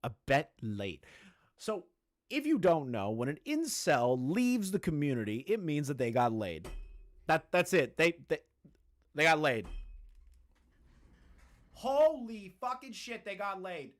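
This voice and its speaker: A man doing live-stream commentary in a crude, mocking and excitable way. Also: fairly high pitch, measured pace, pauses often.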